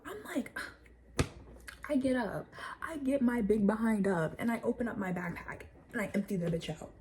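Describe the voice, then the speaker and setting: A young woman vlogger telling a story casually, animated and rambling with lots of fillers and swearing. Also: medium pitch, normal speed, a little hiss or hum.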